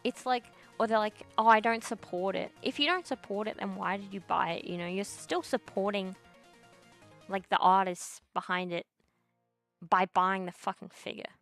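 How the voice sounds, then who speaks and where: A young woman talks straight to her viewers, blunt and full of curse words and slang. Her voice sits at an ordinary middle pitch. Soft music plays faintly underneath. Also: moderate pace. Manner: blunt, heavy swearing, slangy "bro". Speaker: streamer reading chat. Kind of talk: casual ranting chat.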